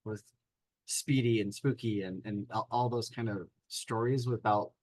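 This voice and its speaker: A man's voice: on the low side, steady tone, measured pace, a little mellow, no room sound, low-quality recording. A man player talking casually about his character, hesitant with many fillers. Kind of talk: casual chat.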